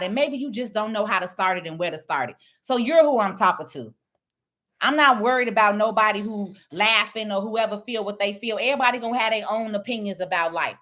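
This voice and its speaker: A woman's voice: mid-range voice, sharp tone. A woman speaking blunt, preachy casual talk, lecturing her viewers. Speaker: online commentator. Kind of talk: casual direct-to-camera talk.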